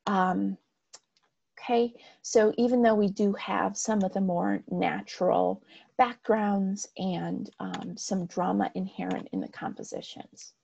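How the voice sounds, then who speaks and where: A woman's voice: medium pitch, fairly even intonation, a little slow, creaky, mellow, breathy edge, lo-fi sound. A woman lecturing on art history over slides, explaining in a plain way with frequent "um" and "right".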